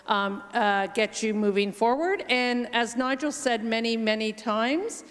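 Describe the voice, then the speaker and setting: A woman with a Canadian accent answering on a conference panel, thoughtful and measured with frequent pauses. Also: a little high, a bit bright. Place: large conference hall. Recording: long hall reverb.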